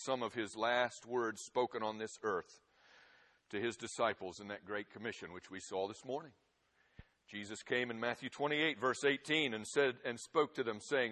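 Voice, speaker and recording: Guy preaching a sermon, big loud peaks then goes real quiet, long hall reverb. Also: mid-range voice, normal speed. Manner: dramatic swings from loud emphasis to hushed quiet.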